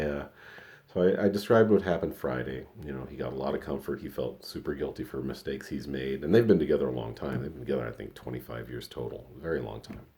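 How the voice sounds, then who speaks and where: A man's voice: rumbling low, mellow. A man in his fifties telling a personal story in a rambling, reflective way, with many restarts. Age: 50s. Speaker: podcast host and comedian.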